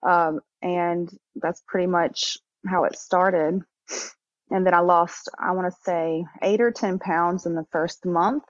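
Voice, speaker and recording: A woman in her thirties, a podcast guest in a candid interview conversation, talking haltingly with many fillers and restarts and getting emotional. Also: on the low side, steady tone, dry recording. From Texas. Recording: dull, slightly lo-fi dry sound.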